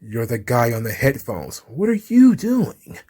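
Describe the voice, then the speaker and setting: A man mimicking a big male wrestler, his voice dropped low into a slow and self-important drawl. Every word is weighed and overly formal, as if delivering a grand speech. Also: huge pitch swings, dark tone, slightly rough, full character voice. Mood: measured. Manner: slow, bloviating, formal diction. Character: deep-voiced pompous male wrestler impression. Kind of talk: reading a transcript in an impression.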